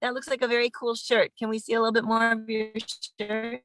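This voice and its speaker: A woman hosting an online sing-along, warmly greeting viewers one by one over a phone video call. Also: fairly high pitch, level tone, brisk, no room sound, low-quality recording. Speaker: host.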